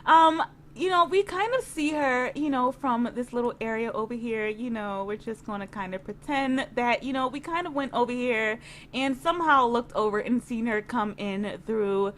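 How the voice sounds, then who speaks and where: A young adult woman giving chatty game commentary, full of fillers and quick giggles. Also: fairly high pitch, slight background noise. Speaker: gaming video creator.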